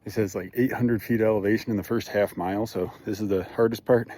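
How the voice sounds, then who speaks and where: A man's voice: lowish voice, fairly even intonation, fast, dark tone. A young man from Michigan with a Michigan accent, out of breath and chatty as he vlogs a mountain hike, swearing and complaining about how hard it is. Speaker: vlogger. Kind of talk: hiking vlog narration. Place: outdoors on a mountain trail.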